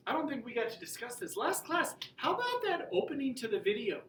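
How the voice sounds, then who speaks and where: A high school teacher giving a casual, joking class update in an informal, chatty way. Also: big pitch swings, fairly quick, a bit bright, distant mic. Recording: roomy audio from away from the mic.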